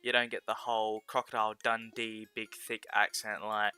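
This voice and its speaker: A man's voice: on the low side, flat delivery, moderate pace, bright, forceful tone, clear, resonant tone. A man with a South Australian accent chatting casually while gaming on a stream, rambling, sarcastic and often correcting himself. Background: faint background music.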